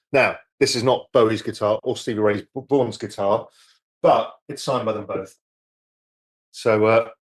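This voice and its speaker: A man's voice: on the low side, no room sound. A man hosting a casual live-stream chat over drinks, reading out viewer questions in a rambling, candid way that includes swearing.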